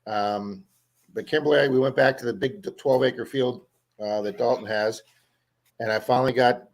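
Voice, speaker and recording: A man's voice: mid-range voice, steady tone, normal speed, gravelly, low-quality recording. A man hosting a casual livestream chat, telling long stories and often repeating words as he goes. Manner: chatty storyteller, repeats words. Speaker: livestream host.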